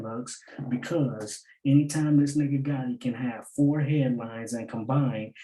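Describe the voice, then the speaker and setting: Male host, casual lyric-breakdown commentary, mellow tone, echoey room. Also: mid-range voice. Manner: explains by repeating lines and asking "get it?"; loose and slangy, laughs at his own points. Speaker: battle rap breakdown host.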